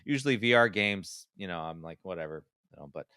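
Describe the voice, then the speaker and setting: A man's voice: lowish voice, animated, fairly quick, pushed and bright, smooth, no echo, clean studio sound. A man co-hosting a gaming podcast in casual chat, rambling with many fillers and restarts. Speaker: podcast co-host.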